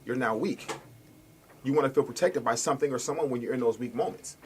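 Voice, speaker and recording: A man's voice: medium pitch, fast talker, a little hiss or hum. A male guest in casual chat, making his point with rhetorical questions in a persuasive way.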